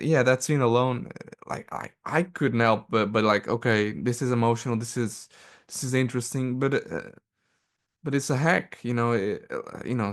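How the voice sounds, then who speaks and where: Thoughtful, hesitant man on a film podcast. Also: medium pitch. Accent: Portuguese. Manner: thoughtful, hesitant, many restarts. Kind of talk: casual film review chat.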